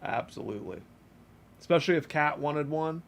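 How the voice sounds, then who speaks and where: Brief: laid-back male streamer, a bit high, gravelly, loose profane chat. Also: expressive, moderate pace, a little hiss or hum. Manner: laid-back, swears casually. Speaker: livestream co-host. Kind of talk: casual livestream chat.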